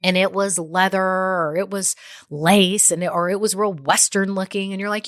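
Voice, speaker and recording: A woman's voice: on the low side, fairly even intonation, moderate pace, fairly bright tone, dry recording, clean studio sound. A woman hosting a podcast and giving business advice in a chatty way, often checking in with "okay?" and "right?". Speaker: podcast host. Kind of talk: solo business advice talk.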